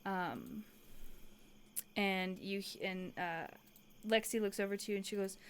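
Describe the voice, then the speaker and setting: Woman, game master, casual narration, halting, mid pitch. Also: a little hiss or hum. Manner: casual, many fillers and restarts.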